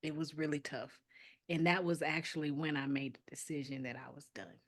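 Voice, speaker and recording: A woman's voice: deep voice, fairly even intonation, brisk. A woman hosting a casual interview, chatty and laughing often. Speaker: interview host.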